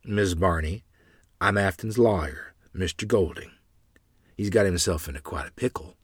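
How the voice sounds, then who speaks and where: A man's voice: low-pitched, normal speed, husky, no echo, studio quality. A man voicing a matter-of-fact country lawyer in a storybook reading. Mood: businesslike.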